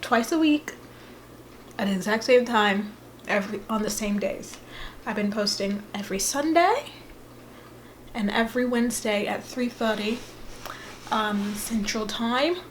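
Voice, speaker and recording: A woman's voice: on the high side, measured pace, pauses often, slight background noise. A young woman in her twenties chatting casually to her viewers in a playful, rambling way. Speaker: vlogger. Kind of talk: casual vlog chat.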